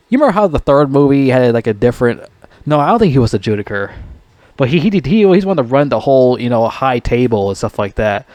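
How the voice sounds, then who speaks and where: A man giving a casual, unscripted movie review, swearing constantly and rambling excitedly. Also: medium pitch.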